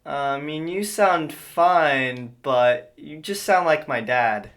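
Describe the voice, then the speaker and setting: A man's voice: on the high side, slow, fairly bright tone. An actor playing an awkward, overly literal young man with a stilted way of talking. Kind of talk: indie comedy film acting.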